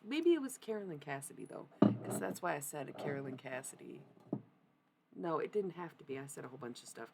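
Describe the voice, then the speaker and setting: A woman doing a casual livestream reading, rambling, excitable and profane. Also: low-pitched, creaky, noisy background.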